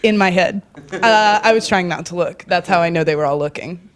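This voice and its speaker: Young woman, stand-up comedian, giggly, rambling, self-mocking, live club stage, loud high acted-out quotes. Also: brisk.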